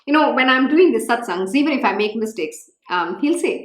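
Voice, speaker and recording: A woman's voice: on the high side, expressive, brisk, echoey room, rough recording. A woman giving a fervent devotional talk and scripture reading, emphatic and repetitive. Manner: fervent, emphatic, repeats phrases. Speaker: spiritual teacher.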